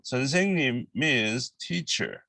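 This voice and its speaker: A man's voice: medium pitch, expressive, bright, forceful tone, dry recording, poor audio. Korean man teaching a language lesson. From Busan, South Korea. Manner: slow, halting English with many fillers, crisp repeated drill phrases.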